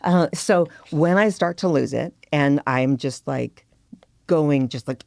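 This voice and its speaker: Dry, animated woman coaching parents. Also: rumbling low, moderate pace, dry recording. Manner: animated, acts out her own yelling with playful exaggeration; laughs often, self-mocking. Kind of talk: casual radio conversation.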